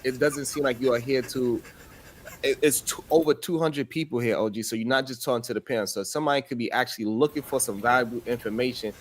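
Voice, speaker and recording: A man running a live-stream panel talks bluntly and firmly to a guest who keeps derailing it. His pitch sits in the middle range. He swears as he calls the guest out. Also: fast. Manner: blunt, scolding. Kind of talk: heated live-stream debate.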